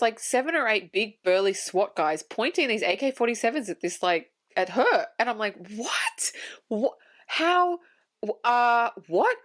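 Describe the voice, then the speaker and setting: A woman's voice: mid-range voice, a bit bright. A woman co-hosting a podcast, rambling incredulously about a film's plot holes in casual talk. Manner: incredulous, rambling, laughs often. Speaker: podcast co-host. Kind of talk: casual film review chat.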